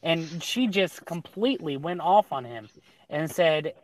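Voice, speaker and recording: A man chatting casually on a livestream, telling a rambling, animated story full of restarts. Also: fairly high pitch, measured pace. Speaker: guest on a livestream hangout. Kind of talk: casual chat.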